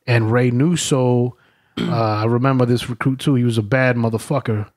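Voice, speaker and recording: A man co-hosting a podcast, telling stories in a casual, profane and animated way. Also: mid-range voice, normal speed. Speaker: podcast co-host. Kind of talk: casual storytelling chat.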